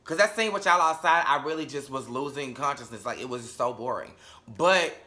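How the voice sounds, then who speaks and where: A man's voice: medium pitch, brisk, sharp tone. A young man giving a casual, sassy and blunt reality TV episode review, swearing freely.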